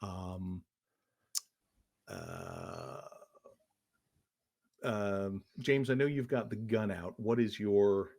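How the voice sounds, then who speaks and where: A man narrating as game master of a tabletop horror game, halting with frequent ums and uhs. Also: on the low side, sing-song, creaky, darkish tone.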